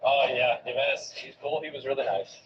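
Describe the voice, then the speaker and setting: A man commenting casually on a video during his stream, swinging between loud outbursts and low asides. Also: moderate pace. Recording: dull lo-fi stream audio with steady background noise.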